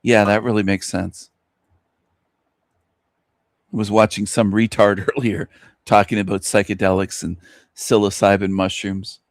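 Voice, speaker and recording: A man's voice: lowish voice, level tone, measured pace, long pauses, no echo, studio quality. A man hosting an online radio show, ranting scornfully at his listeners with mocking laughs and rhetorical questions. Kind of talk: scornful solo rant.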